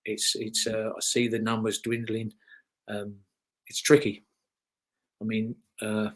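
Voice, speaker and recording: A British man in his fifties talks through a casual interview as the guest. His voice sits at an ordinary middle pitch. He tells loose, rambling anecdotes, circling back on his points as he goes. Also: a bit bright. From Britain. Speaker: guest, former motocross racer.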